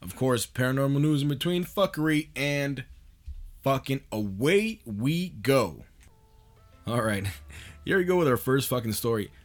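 A man's voice: medium pitch, fairly quick, soft background music. A man hosting a podcast in a loose, profane monologue, laughing often as he talks. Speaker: podcast host.

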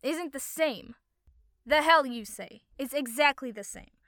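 A woman voicing a man of about thirty, arguing loudly and heatedly. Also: extremely high pitch, a little slow, no room sound, studio quality, pitched above the performer's own voice, full character voice. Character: man around thirty, loud, argumentative.

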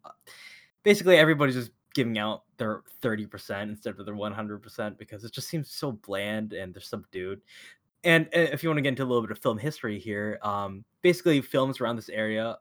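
A slightly low-voiced man co-hosting a casual podcast, speaking over a remote call mic. He is blunt and critical, and he laughs often as he talks. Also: expressive, brisk, a bit bright. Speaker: podcast co-host.

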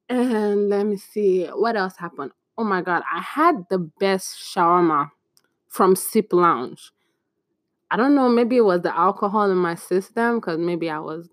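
A young woman in casual storytime chat, chatty and animated, acting out bits of dialogue with exclamations. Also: fairly low pitch, dry recording. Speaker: vlogger.

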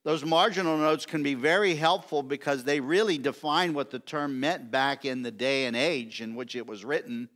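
A middle-aged man preaching a sermon, emphatic and repetitive, stretching key words slowly. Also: fairly high pitch, a bit bright. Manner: emphatic, repetitive preaching with slow drawn-out stresses. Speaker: pastor.

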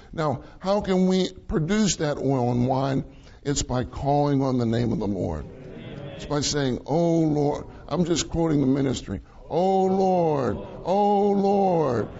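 A man's voice: a little high, gravelly, warm tone. Man preaching over a muffled recording. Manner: conversational preaching with repeated phrases. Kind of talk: sermon.

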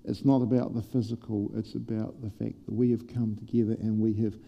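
A man preaching a sermon to a congregation, playful and lively at first and then quiet and prayerful. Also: on the low side, brisk, gravelly, big-room sound. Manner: animated, humorous preaching that turns soft and prayerful. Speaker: pastor. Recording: dull lo-fi church sermon recording.

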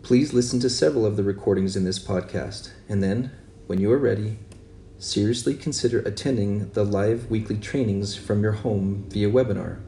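A man, a marriage therapist, giving a measured, earnest podcast introduction. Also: fairly low pitch, mellow. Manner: measured, earnest, spells things out slowly. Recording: roomy distant mic with faint background noise.

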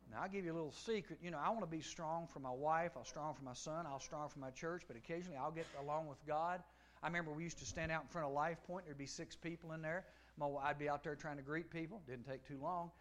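Animated preaching man, higher pitched. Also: fast, a little hiss or hum. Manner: animated storytelling, acting out dialogue, swinging from loud to hushed. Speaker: pastor. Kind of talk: sermon. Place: large room before a youth audience.

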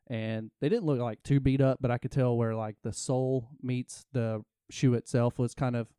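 A man's voice: mid-range voice, fairly even intonation, moderate pace, mellow, smooth, no echo, studio quality. A man co-hosting a casual talk show, telling a long story in a rambling, self-interrupting way. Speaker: podcast co-host.

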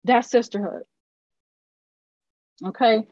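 A woman's voice: a little high, steady tone, takes it slowly, dry recording. A woman hosting a casual group talk, affirming her guests and easily moved. Her voice comes through dull and lo-fi, close and dry with no room around it. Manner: warm and affirming, gets emotional. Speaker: host.

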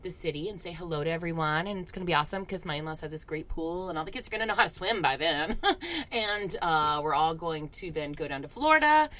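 A woman's voice: sits low, animated, quick pace, a bit bright. A woman and parent chatting casually, making jokes and riffing on her own summer plans. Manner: playful, jokes and riffs. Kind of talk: casual chat.

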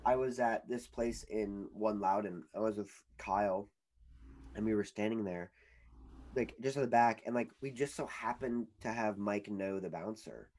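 A man's voice: on the low side, moderate pace, a little mellow. A young man co-hosting a casual podcast, telling stories in a rambling way full of "like". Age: young adult. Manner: rambling storyteller, heavy use of "like". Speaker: podcast co-host. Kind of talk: casual chat.

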